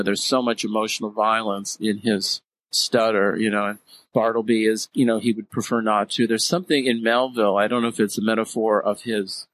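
A man's voice: fairly low pitch, fairly bright tone, poor audio. A man being interviewed about his film, speaking with a stutter and lots of "you know" fillers. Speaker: interview guest, filmmaker and writer. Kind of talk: casual interview talk.

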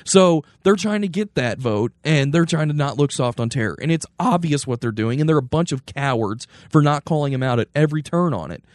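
A young man co-hosting a casual political chat podcast, talking in animated, rambling bursts with restarts. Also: fairly high pitch, a little fast, few pauses, no echo, clean studio sound. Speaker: podcast co-host.

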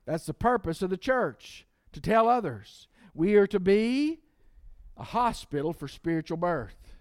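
A man's voice: high-pitched, very animated, unhurried, dry recording, clean studio sound. A man preaching a sermon as pastor, emphatic and repeating key lines for the congregation to say with him.

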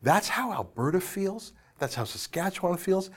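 A man's voice: high-pitched, very animated, moderate pace, slightly rough. A man giving opinionated political commentary in an emphatic, scornful way, with frequent restarts.

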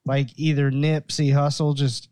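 A man co-hosting a music podcast in a relaxed, jokey way. He talks slowly and draws words out, in a slightly high voice. The sound is dry and close. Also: no room sound. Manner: relaxed, jokey, drawn-out delivery. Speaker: podcast co-host. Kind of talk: casual chat.

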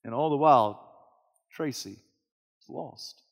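A man preaching a sermon, telling a story in the second person and swinging from hushed tones to shouting. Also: medium pitch, slow, creaky, in a large hall. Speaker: pastor.

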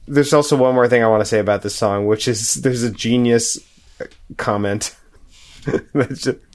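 A man's voice: medium pitch, normal speed, darkish tone. A man co-hosting a casual music podcast, talking in a playful, amused way and laughing often. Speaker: podcast co-host. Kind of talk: casual chat about music.

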